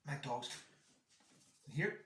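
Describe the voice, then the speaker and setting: Man, bright and sharp tone, rambling storyteller, echoey room. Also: medium pitch, animated, very slow. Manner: rambling storyteller, acts out quoted dialogue. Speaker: guest, father telling a story. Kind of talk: casual chat.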